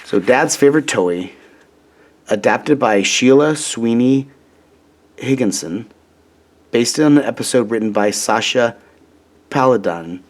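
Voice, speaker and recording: A man reading a children's storybook aloud in a gentle, deliberate way. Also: mid-range voice, animated. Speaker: storybook reader.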